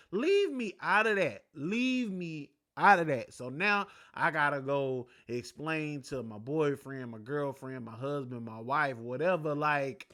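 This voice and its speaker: A man's voice: fairly high pitch, sharp tone, exaggerated voice. A man putting on the voice of an exasperated woman sports TV host, ranting indignantly with repeated questions.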